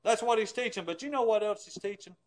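A man's voice: sits high, quick pace, rough recording. A middle-aged man preaching a sermon, emphatic and conversational, asking the listeners rhetorical questions.

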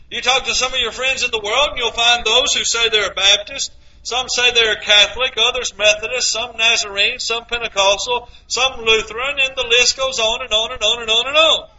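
A man's voice: very high voice, bright, forceful tone. A man preaching a sermon, quoting scripture and asking his listeners rhetorical questions. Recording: dull lo-fi recording.

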